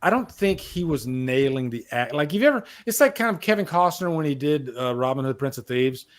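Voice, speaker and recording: A man hosts a casual livestream chat, his voice sitting a little high. He talks excitedly, swears freely, and reads out comments from his viewers. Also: fairly quick. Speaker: livestream host.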